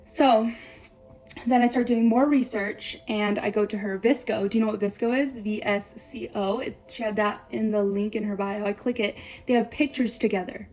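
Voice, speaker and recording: A young woman telling a breakup story on a vlog, blunt and profane, swearing constantly in rapid run-on sentences. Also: mid-range voice, steady tone, a little mellow, faint music behind.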